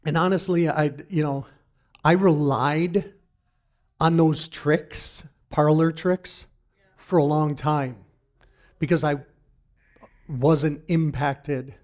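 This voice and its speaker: A middle-aged man giving a personal faith testimony in an earnest, halting way, often restarting his sentences. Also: a little high, darkish tone. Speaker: church member giving testimony.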